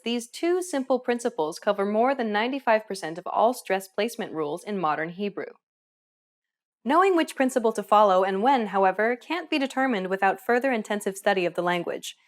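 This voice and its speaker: A woman presenting a scripted language lesson, with upbeat and clear instructional delivery. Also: medium pitch. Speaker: language teacher.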